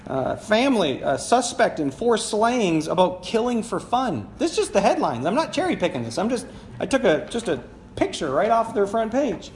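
Man, pastor, high voice, conversational sermon, laughs at himself, faint background hiss. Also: sing-song, normal speed. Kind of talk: sermon told as a personal story. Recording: echoey room with faint background noise.

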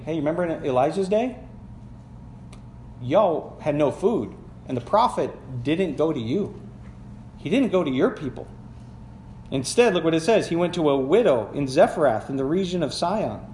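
Reverberant sound and slight background noise surround this pastor's sermon in a church sanctuary. His fairly high, darkish voice reads scripture aloud, explains it conversationally, and asks the congregation questions as he goes.

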